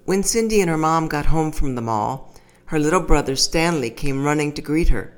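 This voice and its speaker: A calm narrator reads a scripted teaching story at an even, measured pace. The voice sits in a middle register, neither high nor low, and the telling stays steady from line to line.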